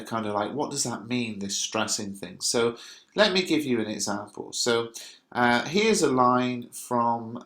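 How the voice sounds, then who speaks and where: A man's voice: medium pitch, fairly bright tone. Patient male teacher in an echoey room. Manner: patient, explains step by step with frequent pauses. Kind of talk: recorded classroom explanation.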